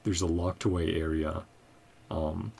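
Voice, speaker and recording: Low gravelly laid-back gaming host. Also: male voice, fairly even intonation, unhurried, a little mellow, a little hiss or hum. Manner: laid-back, chuckling, thinking aloud. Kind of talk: casual game commentary.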